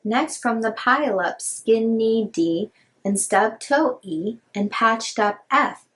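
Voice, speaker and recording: A woman's voice: fairly high pitch, animated, slow, fairly bright tone. A woman reading picture books aloud to young children in a sing-song, rhyming way, chatting a little between books. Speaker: children's storyteller.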